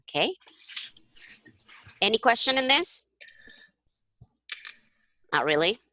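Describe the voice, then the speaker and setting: A woman's voice: on the low side, expressive, measured pace, long pauses, a bit bright, no echo. A woman language tutor, a native Tagalog speaker, giving a one-on-one online lesson. She is encouraging and checks understanding with a frequent "okay?". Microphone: video call.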